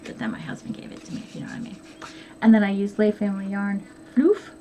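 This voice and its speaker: A middle-aged woman hosting a knitting podcast, talking quickly and casually with plenty of ums. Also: medium pitch, expressive, warm tone. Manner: chatty, quick and rambling with many ums. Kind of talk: casual chat to camera. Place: at home. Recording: noisy home recording.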